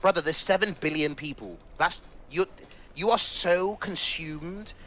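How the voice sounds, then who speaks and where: A man's voice: a little high, measured pace, sharp tone. A man cutting into a debate, exasperated, calling the other "bro" and "brother". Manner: interrupting, exasperated, says "bro". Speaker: debate guest.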